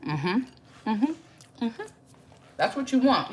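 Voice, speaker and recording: A woman hosting a home cooking video, chatting warmly with viewers and calling them y'all and baby. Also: mid-range voice, sing-song, extremely slow, long pauses. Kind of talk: casual cooking demonstration to viewers.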